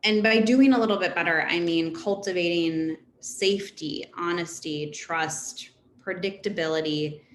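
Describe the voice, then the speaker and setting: A woman therapist gives an informal presentation to a parent council in an echoey room with faint background noise. She speaks unhurriedly in a lowish voice with few pauses, keeping things conversational and animated and laughing between points.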